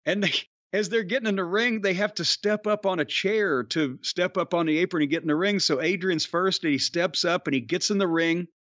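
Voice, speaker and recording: A man's voice: sits high, a little fast, dry recording, dull audio. A man, a former pro wrestler, telling rambling, profane stories in casual chat. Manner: rambling, profane, animated storytelling.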